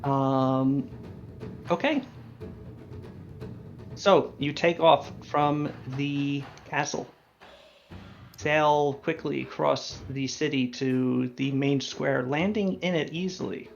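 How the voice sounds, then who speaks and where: A man narrating a tabletop game as game master, relaxed and thinking aloud with fillers. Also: fairly high pitch, slow pace, gravelly, long pauses, highs cut off, soft background music.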